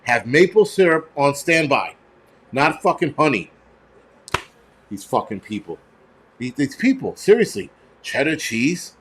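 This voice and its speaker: A middle-aged man hosting a casual livestream chat, ranting with heavy profanity and animated outbursts. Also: medium pitch, unhurried, pauses often, slight background noise. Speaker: host.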